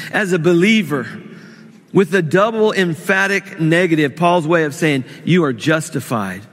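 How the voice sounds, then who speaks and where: A fairly high-voiced man preaching a sermon in a church hall with a long echo. He prays aloud, then leans hard on key words, repeating them for emphasis. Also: fairly bright tone. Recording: long reverb of a large hall.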